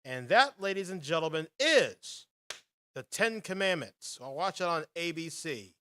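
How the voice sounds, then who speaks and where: A man's voice: on the high side, big pitch swings, unhurried, bright, forceful tone, no echo. A young man hosting a podcast quiz round, upbeat and announcer-like, reading out answer choices and players' picks. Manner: upbeat, announcer-like, hums filler while waiting. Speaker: podcast host running a quiz. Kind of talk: energetic quiz show hosting.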